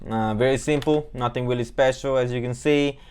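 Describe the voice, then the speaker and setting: In a laid-back beat breakdown, a man who produces music explains his track in a meandering, self-deprecating way packed with fillers. He sounds brisk and mid-pitched, with fairly even intonation and a darkish, clean tone.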